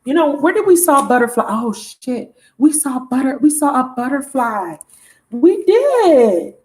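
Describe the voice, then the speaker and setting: Tarot reader, woman, slightly high voice; goofy, chatty, exclamatory. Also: lively intonation, moderate pace. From Broward County, Florida. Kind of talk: live tarot reading with viewer shout-outs.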